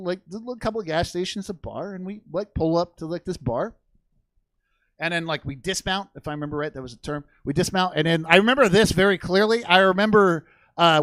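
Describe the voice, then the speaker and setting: A man's voice: sits high, a bit bright, no echo. A young man doing stand-up on a comedy theater stage, telling a rambling, profane story with lots of energy.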